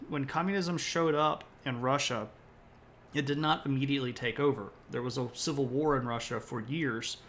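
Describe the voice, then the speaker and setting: A man's voice: mid-range voice, fairly bright tone, a little hiss or hum. A man lecturing on history during a live stream, rambling a little, correcting himself and tossing in joking asides.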